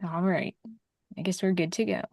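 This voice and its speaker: A woman moderating a discussion in a relaxed, friendly way, inviting questions from the group. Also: lowish voice, normal speed, no echo.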